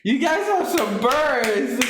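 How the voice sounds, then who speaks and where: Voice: high voice, very animated, slow, roomy sound, very noisy. A host reading out viewer comments in a casual commentary, who keeps breaking into laughter and sounds tired, the voice worn from laughing.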